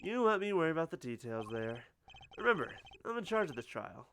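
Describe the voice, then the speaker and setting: A performer voicing a dry, teasing older male lawyer who talks in an unhurried, knowing way, in a fan voice-over of a game. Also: mid-range voice, very animated, slight background noise. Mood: calm. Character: calm, wry older male lawyer mentor.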